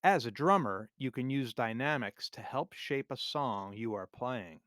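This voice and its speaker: A man teaching music theory for drummers in a scripted, measured, clearly explained lesson narration. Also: mid-range voice, expressive, fairly bright tone, no room sound, clean studio sound. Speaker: drum teacher.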